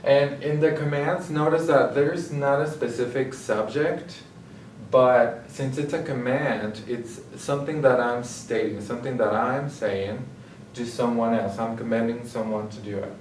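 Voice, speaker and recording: A man tutors step by step, pausing to check in with "okay?" as he explains. His voice sits at an ordinary pitch and sounds a little distant from the mic. The room around him is echoey, with a faint hiss underneath. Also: steady tone. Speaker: Spanish tutor. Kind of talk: recorded grammar lesson.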